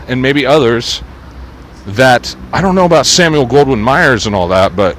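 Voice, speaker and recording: A man's voice: medium pitch, lively intonation, normal speed, a bit bright, a little hiss or hum, poor audio. A man talking casually outdoors in a rambling, sarcastic way, swearing often as he comments on a book he reads from. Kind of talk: casual profane rant while reading a book aloud.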